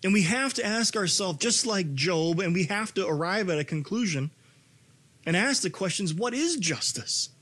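A male pastor in his thirties delivers a sermon in a slightly high voice. He talks in a loose, conversational way, then climbs to a raised, urgent pitch when he reads the scripture passages. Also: normal speed. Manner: animated, rising to near-shouting on scripture quotes.

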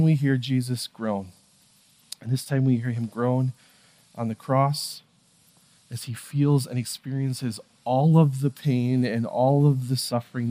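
A man preaching a sermon in a conversational way, moving between hushed, quiet passages and raised, emphatic ones. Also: medium pitch. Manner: conversational, with fillers and asides. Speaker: pastor.

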